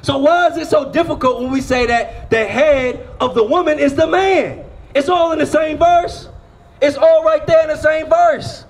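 A man's voice: very high voice, moderate pace, gravelly. A man preaching outdoors on a street, firing rhetorical questions at the crowd and pulling them into call-and-response.

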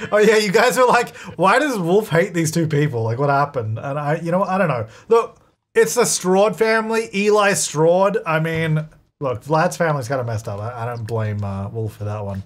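A man's voice: fairly high pitch, normal speed. A man giving casual let's-play commentary, chatty and narrating his own moves, laughing often. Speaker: gaming video creator.

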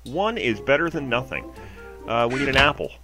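A Canadian man hosting a let's play, giving rambling, excitable commentary as he plays. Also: mid-range voice, moderate pace, over music. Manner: rambling, excitable, talks to himself. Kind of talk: casual gameplay commentary.

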